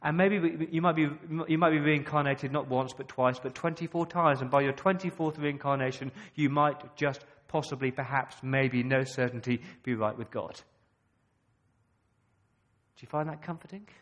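An Australian man preaching a sermon, emphatic and full of rhetorical questions, with dramatic pauses. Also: mid-range voice, fairly even intonation, a bit bright.

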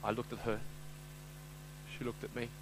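A man preaching a live sermon, moving between loud, urgent appeals and quiet, chatty storytelling full of fillers. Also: medium pitch, completely flat delivery, moderate pace, background noise. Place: speaking before a live audience.

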